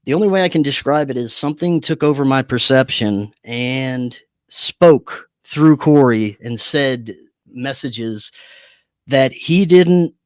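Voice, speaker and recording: A man, a podcast guest, telling a personal story in a lively, casual way, swearing freely and often restarting his sentences. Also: medium pitch, slow, dry recording, studio quality. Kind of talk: conversational storytelling.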